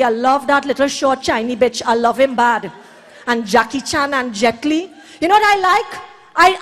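A Trinidadian woman performs bawdy stand-up live on a hall stage, her voice sitting high. She tells brash stories and shouts her punchlines.

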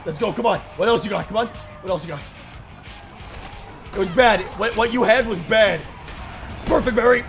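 Young man, gaming streamer, high voice, excitable, joking, faint music behind. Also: normal speed, long pauses. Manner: excitable, joking, reacting to gameplay. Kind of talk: let's play commentary.

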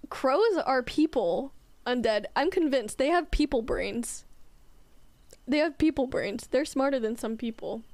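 A young woman livestreaming a game, with a high, light voice and an unhurried, drawn-out delivery. She giggles often and chats loosely with her viewers as she plays. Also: lively intonation, a little mellow, no room sound. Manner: giggly, chatty, reads out and answers chat. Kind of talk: casual gameplay chat with viewers.

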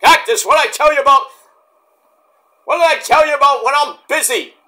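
A man's voice: very high voice, brisk, bright, forceful tone, voice pushed up. A man putting on an irritable, bossy male character who scolds his friend. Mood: scolding. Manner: impatient, scolding.

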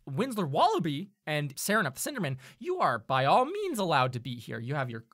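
A man's voice: fairly high pitch, wildly swooping pitch, brisk, fairly bright tone, dry recording, clean studio sound. A man narrating a tabletop game as game master, rambling with many fillers.

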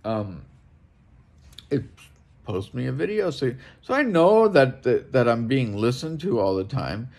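A man's voice: medium pitch, big pitch swings, unhurried, gravelly, a little mellow. A middle-aged man ranting alone in a room at home, blunt and profane, repeating himself as he talks. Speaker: vlogger. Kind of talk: ranting monologue to camera.

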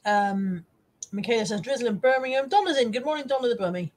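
A woman's voice: a little high, expressive, fast, darkish tone. A woman hosting a casual live stream, chatting to her viewers and reading out their comments, self-deprecating and swearing now and then.

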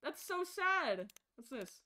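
A woman streaming a game live, excitable and chatting to her viewers as she plays. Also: sits high, slow pace, a little hiss or hum. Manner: excitable, gasps and squeals at the game. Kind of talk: live gameplay commentary. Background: faint game music.

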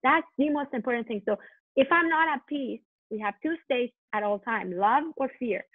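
Earnest higher-voiced woman on a tinny line. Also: normal speed, dry recording. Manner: earnest, animated, repeats words and restarts. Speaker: guest, parenting coach. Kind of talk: podcast conversation. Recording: dry tinny phone-line sound.

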